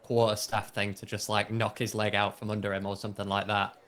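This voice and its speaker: A man's voice: lowish voice, little pitch movement, a little fast, a bit bright. A British man playing a tabletop game, eager and tripping over his words. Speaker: player.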